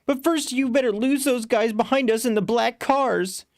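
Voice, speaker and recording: A man voicing a panicked young woman fleeing her captors in a storybook reading, shouting and pleading. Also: high voice, expressive, brisk, no echo, studio quality, voice pushed up. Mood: frantic. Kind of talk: storybook read-aloud.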